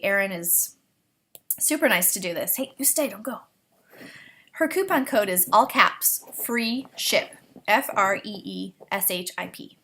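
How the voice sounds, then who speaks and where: A woman's voice: medium pitch, a bit bright, slight background noise. A woman hosting a knitting podcast from home, chatting to the camera in a bubbly way with lots of fillers. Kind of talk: casual chat to camera.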